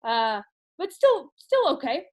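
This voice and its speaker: A woman's voice: high-pitched, very animated, slow pace, darkish tone, exaggerated voice. A woman playing a nervous, rambling middle-aged dad who reviews movies in a comedy sketch, stammering through constant fillers. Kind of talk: comic sketch monologue.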